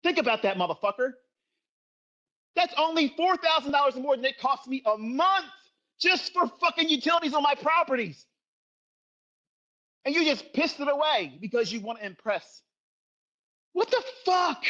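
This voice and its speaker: A middle-aged man tears into his listeners in a profane livestream rant, lecturing hard about trading. His voice sits high and leaps all over the place. The stream audio is dull and lo-fi. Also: expressive, moderate pace, pauses often, pushed and bright. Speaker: trading educator.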